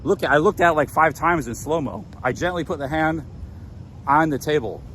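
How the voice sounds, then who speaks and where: A man's voice: fairly high pitch, normal speed, fairly bright tone, slight background noise. Agitated man stammering in his defense. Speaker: livestreamer. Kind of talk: live walk-and-talk stream. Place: outdoors on city streets.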